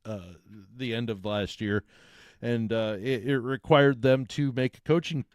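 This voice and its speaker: A man's voice: medium pitch, steady tone, unhurried, clear, resonant tone, no room sound, studio quality. A man co-hosting a casual sports talk show, rambling and correcting himself as he breaks down a basketball matchup. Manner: rambling, self-correcting, frequent uh fillers. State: hiccups. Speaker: sports podcast co-host.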